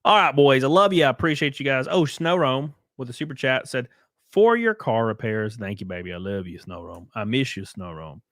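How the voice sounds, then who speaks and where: In a mid-range voice, a man from the Southern United States talks briskly with hardly any pauses while hosting a casual live stream. The sound is studio quality, fairly bright and echo-free. He rambles jokingly, reading viewer messages aloud and thanking the senders.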